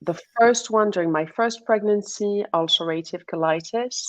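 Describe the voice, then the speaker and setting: A woman's voice: medium pitch, normal speed, no echo. A woman with a slight French-tinged accent, a guest on a radio show, talking chattily and laughing easily. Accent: French-educated. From half Moroccan, half Iranian. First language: not English. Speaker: guest nutritionist. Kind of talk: radio interview.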